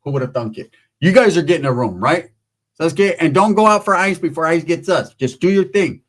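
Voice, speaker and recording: A man's voice: on the high side, animated, brisk. Profane rambling male storyteller. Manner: profane, rambling, acts out other people's voices. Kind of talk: casual storytelling monologue.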